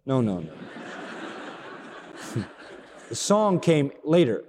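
A man preaching a sermon with a dramatic delivery. He acts out quoted dialogue and swings from hushed low passages to ringing high exclamations. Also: sing-song, a little slow, pauses often. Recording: long hall reverb.

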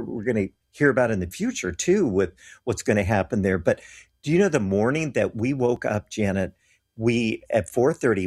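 The speaker is a man whose voice is on the low side, darkish and husky. As a guest, he tells of his mission trips in earnest, animated personal stories, imitating the voices of those he quotes.

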